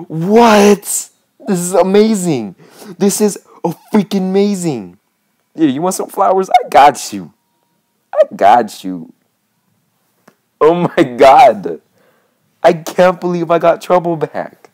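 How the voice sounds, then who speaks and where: A woman giving let's-play commentary, excitable and casually swearing, with lots of repeated phrases. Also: lowish voice. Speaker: gaming channel host.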